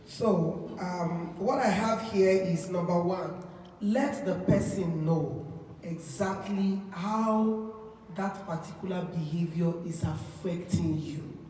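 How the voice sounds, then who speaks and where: A woman who is a pastor, teaching in a sermon and laying out her points one by one in a measured way. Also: fairly low pitch, dark tone, slight background noise. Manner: measured, lists points plainly. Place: church hall. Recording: echoey church hall from far off.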